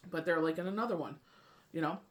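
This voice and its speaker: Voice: mid-range voice, fast. A tarot reader and medium in a casual spiritual talk, rambling and often asking "you know what I mean".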